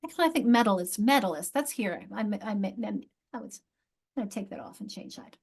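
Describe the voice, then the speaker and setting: A woman instructor teaching other teachers, thinking aloud and sounding out words slowly, repeating each one. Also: medium pitch, lively intonation, slightly rough. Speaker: literacy instructor.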